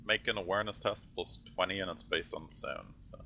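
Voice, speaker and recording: A man's voice: low voice, a little fast, gravelly, noisy background. A man narrating as game master, hesitant and full of fillers. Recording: dull lo-fi audio.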